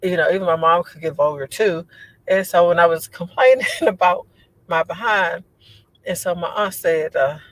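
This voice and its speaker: Woman host, livestream chat: low voice, rambling, quick to laugh, lots of fillers. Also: dry recording, rough recording. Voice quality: low voice she says sounds like a man's. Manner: chatty and rambling, laughs often, many fillers. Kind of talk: casual livestream chat reading viewer comments.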